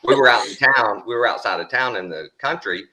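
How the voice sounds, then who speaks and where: A middle-aged man with a Texan accent telling a story in a casual, animated drawl, swearing freely. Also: medium pitch, fairly quick, a loud crowd. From Texas.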